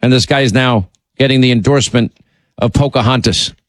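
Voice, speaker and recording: A man's voice: mid-range voice, brisk, dry recording. Man, political talk host, sarcastic, combative monologue, dry close mic. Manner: combative, sarcastic, many restarts and asides. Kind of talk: monologue commentary.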